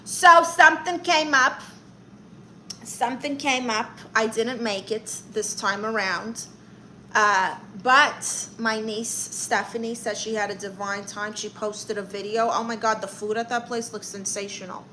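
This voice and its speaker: A woman putting on a sassy Brooklyn aunt with a bright, high-ish voice, firing back quick comebacks as she reads chat on a comedy livestream. She's brassy and self-assured, and there's a faint hiss of noise under her. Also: steady tone. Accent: Brooklyn New York. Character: brash Brooklyn aunt who plays a self-appointed therapist. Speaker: comedian doing a character livestream. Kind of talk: character comedy livestream reading chat comments.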